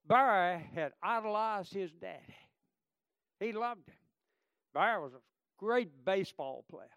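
A man pastor, preaching a sermon that moves from fervent exhortation to quiet storytelling. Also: sits high, expressive, unhurried, creaky, clear, resonant tone, no echo, studio quality.

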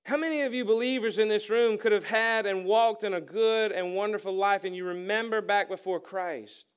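A pastor with a high, smooth voice preaches at a moderate pace in a church sanctuary. Talking conversationally with his congregation, he uses humor to act out the voices of the story's characters.

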